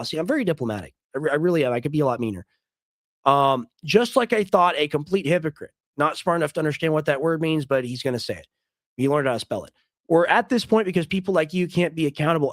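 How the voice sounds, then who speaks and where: Male streamer, emphatic and repetitive, slightly high voice, dry close mic. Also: expressive, fairly quick, fairly bright tone, no room sound. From United States. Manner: emphatic, argumentative, repeats himself. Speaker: streamer host. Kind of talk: casual commentary on a clip.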